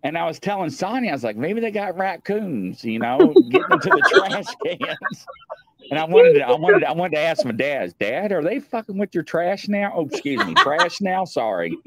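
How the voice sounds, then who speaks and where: A man's voice: high-pitched, wildly swooping pitch, moderate pace, over a noisy crowd. A man hosting a casual live stream, rambling through stories, laughing and swearing often. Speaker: host.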